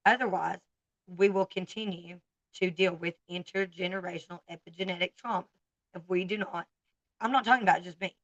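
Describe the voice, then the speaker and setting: Blunt Southern woman with gravelly voice. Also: fairly low pitch, fairly bright tone, no echo, lo-fi sound. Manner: blunt and candid, talks straight to viewers. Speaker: livestream host. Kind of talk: casual livestream chat.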